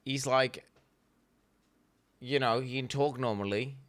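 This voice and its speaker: A man's voice: mid-range voice, steady tone, slow pace, fairly bright tone, no room sound. A man, streaming and giving blunt, rambling reaction commentary, swearing freely.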